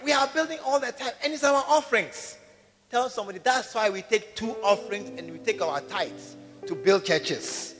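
A man preaching a sermon to his congregation, calling for responses and rising to shouts. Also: sits high, moderate pace. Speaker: pastor. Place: large church hall. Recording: reverberant hall with faint music.

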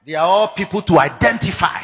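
High-voiced Ghanaian preacher, forceful and bright. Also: male voice, lively intonation, a little fast, husky. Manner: forceful preaching that swings between low asides and shouts; mixes English with Twi phrases. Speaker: pastor. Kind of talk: sermon. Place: church conference hall with a congregation.

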